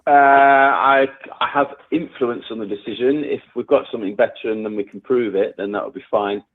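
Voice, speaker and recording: A man's voice: medium pitch, fairly quick. Polite man over a tinny phone line. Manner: polite, hesitant, laid-back. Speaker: prospect on a phone call.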